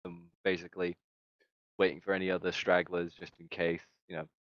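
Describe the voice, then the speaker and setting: A man narrating as game master in a tabletop game, casual and quick to laugh and swear. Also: sits low, level tone, dry recording, muffled recording.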